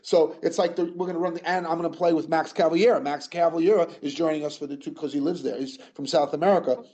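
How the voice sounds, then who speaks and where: A man's voice: on the high side, steady tone, fast talker, mellow. An older man telling stories in a casual interview, rambling with lots of "you know" and restarts. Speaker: guest musician.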